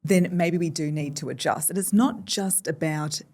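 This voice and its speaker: Speaking at a normal pace in a low-pitched voice, an Australian voice coach is interviewed on a relaxed podcast. She's an animated storyteller, playing with vocal shifts throughout.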